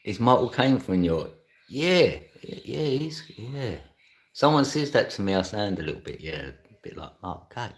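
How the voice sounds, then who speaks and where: A man's voice: on the low side, very animated, moderate pace. Laughing, chatty man on a live stream. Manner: laughs often, chatty, slangy. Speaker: livestreamer. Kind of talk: casual live stream chat.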